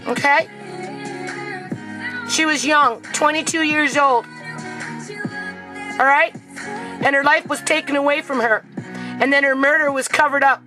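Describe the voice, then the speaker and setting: A woman's voice: sits high, fairly even intonation, a little slow, pauses often, over music, low-quality recording. A grieving mother talking to camera in an emotional vlog, near tears, who keeps asking "okay?" and calling out to "people".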